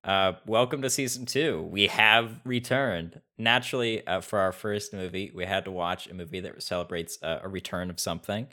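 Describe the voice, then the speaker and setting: A man's voice: sits low, moderate pace, hardly any pauses, pushed and bright. A man co-hosting a podcast, chatting casually with dry jokes and frequent laughter. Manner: laughs often, dry jokes, many fillers. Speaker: podcast co-host.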